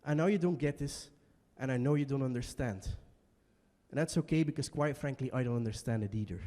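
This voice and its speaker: A young man performing an emotional solo stage monologue in a small basement venue, swinging between quiet and shouting. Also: medium pitch, fairly quick, long reverb tail. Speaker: stand-up performer.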